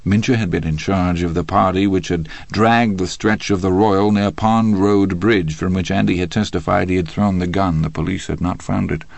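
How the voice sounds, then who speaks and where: A man reading an audiobook in a steady, even storytelling manner. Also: low voice, moderate pace, vocal fry, hardly any pauses, dry recording. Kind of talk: audiobook narration.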